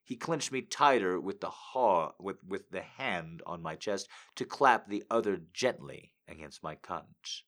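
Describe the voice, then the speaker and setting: A man reads romance excerpts aloud on a live show, his voice very deep and the pace unhurried. He lingers over the words with deliberate, sensual phrasing, now and then sinking into a near-whisper. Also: animated, a bit bright. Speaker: host reading excerpts aloud. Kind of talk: dramatic reading on a live stream.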